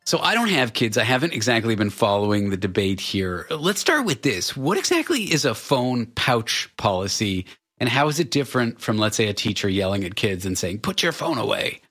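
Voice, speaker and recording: A man's voice: lowish voice, sing-song, moderate pace, a bit bright. A man hosting an interview, asking curious questions with a light touch of sarcasm. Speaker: host. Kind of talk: conversational interview.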